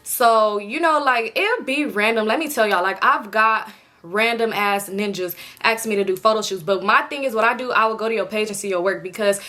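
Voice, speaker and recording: A young woman telling a storytime in a blunt, animated, slangy way. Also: mid-range voice, a little fast. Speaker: storytime vlogger. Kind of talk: casual storytime chat.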